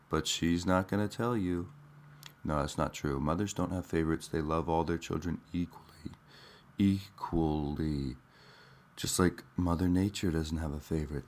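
A groggy man who has just woken up, hosting his podcast in a put-on Australian/New Zealand accent with a deep morning voice, rambling and deadpan. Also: a little hiss or hum. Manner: rambling, deadpan, self-mocking. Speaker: podcast host. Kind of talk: rambling comedic monologue.

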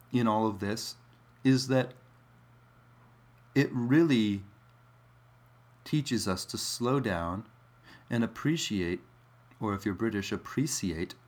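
A man's voice: medium pitch, fairly bright tone. A man musing in a casual, rambling monologue, wry and digressive, with many fillers.

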